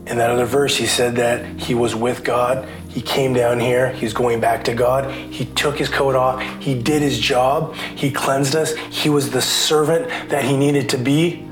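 A man preaching a casual sermon, chatty and animated, acting out voices as he retells the story. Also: mid-range voice, measured pace, hardly any pauses, roomy sound. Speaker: pastor.

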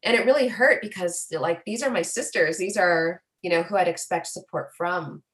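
A young woman from Canada, an influencer speaking candidly and earnestly in an interview, animated, with plenty of fillers. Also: fairly low pitch, normal speed. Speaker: guest, influencer.

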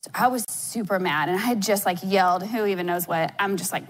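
A woman's voice: mid-range voice, fast, hardly any pauses. A woman, a mother, telling a casual story in an interview, chatty and acting out voices with lots of "like". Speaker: mother of four, interview guest.

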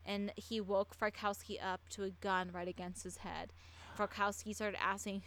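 A woman's voice: medium pitch, little pitch movement, normal speed, fairly bright tone, low-quality recording. A tipsy woman tells a true-crime story in a loose, casual way. She rambles, trips over her words and restarts her sentences as she goes.

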